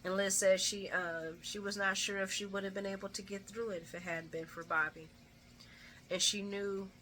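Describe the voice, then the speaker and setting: Bright-voiced chatty woman recapping. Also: mid-range voice, moderate pace, a little hiss or hum. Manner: chatty, animated, laughs often. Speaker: soap opera recap vlogger. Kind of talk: casual chat recapping an episode.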